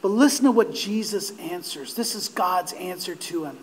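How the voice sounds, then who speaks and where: A male pastor preaching a sermon, earnest and direct with his listeners, growing impassioned and nearly shouting at the peaks. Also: sits high, lively intonation, normal speed, slight background noise. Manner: impassioned, rising to near-shouts on quoted cries.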